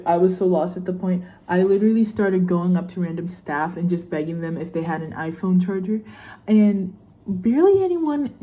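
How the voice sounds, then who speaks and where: Chatty young woman, low-pitched and mellow. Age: young adult. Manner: chatty and rambling, with many fillers. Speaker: student vlogger. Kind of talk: casual unboxing vlog chat.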